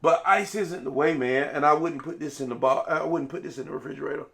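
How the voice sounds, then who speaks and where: A man's voice: on the high side, fast talker, vocal fry, fairly bright tone. A man, casually reviewing a whiskey in a laid-back, rambling way.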